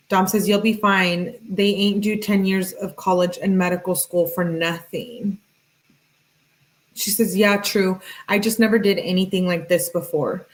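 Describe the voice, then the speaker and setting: Poor audio captures a female true-crime host with a medium-pitched voice. She reads texts aloud without much inflection and drops in fast, skeptical comments along the way.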